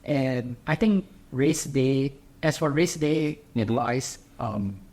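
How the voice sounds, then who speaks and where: A man's voice: medium pitch, slow, darkish tone. A young man from Singapore, a triathlete guest, chatting casually and hesitantly with many fillers and restarts. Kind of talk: casual interview chat.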